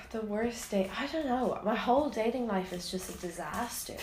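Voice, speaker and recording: A woman's voice: on the high side, expressive, moderate pace, a little mellow. Rambling young woman chatting. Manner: rambling, lots of fillers and exclamations. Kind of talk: casual chat. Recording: echoey room, faint noise.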